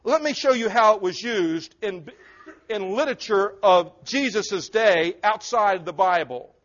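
A man's voice: high-pitched, unhurried, fairly bright tone. A man preaching a sermon to a congregation in an earnest, emphatic way, with asides to the listeners. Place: church before a congregation. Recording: dull lo-fi recording.

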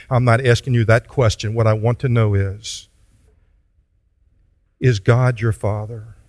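A man's voice: medium pitch, darkish tone, no echo. A man preaching a sermon as pastor, earnest and pleading, then leading the congregation in prayer. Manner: earnest, pleading, slow deliberate delivery.

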